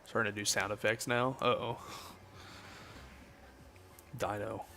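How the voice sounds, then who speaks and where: On a late-night game stream, a Southern US man chats easily with viewers and cracks jokes in his Southern accent. He speaks unhurriedly in a lowish voice with vocal fry, and faint music plays behind him.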